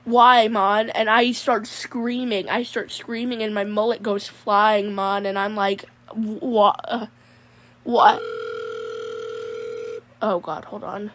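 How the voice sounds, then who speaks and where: A woman's voice: mid-range voice, flat delivery, unhurried, hardly any pauses, a bit bright, a little hiss or hum. A woman telling a rambling comic dream story, peppering it with 'Mon'. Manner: rambling, says 'Mon' constantly. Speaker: comedy character storyteller.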